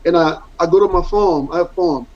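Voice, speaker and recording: Earnest high-voiced man telling his story. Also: brisk. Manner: earnest, rambling, repeats words for emphasis. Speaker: interview guest, former football player. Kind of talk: candid interview storytelling. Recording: dull lo-fi audio.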